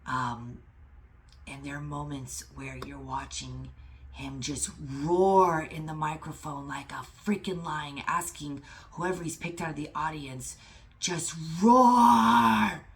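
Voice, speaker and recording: A woman's voice: low voice, fairly even intonation, measured pace, a little hiss or hum. A woman reading a spiritual lesson aloud and commenting on it in a fervent, emphatic way, with casual swearing. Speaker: spiritual teacher.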